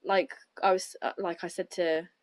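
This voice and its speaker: A podcast host chats casually and reflectively, rambling and restarting her sentences many times. Her voice sits on the low side, with a flat delivery at a moderate pace.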